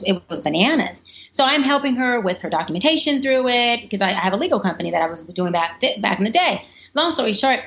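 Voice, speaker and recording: A woman guest telling a personal story in an interview, animated and lively, often slipping into the voices of other people. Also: medium pitch. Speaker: life coach guest. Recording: slightly muffled with faint background noise.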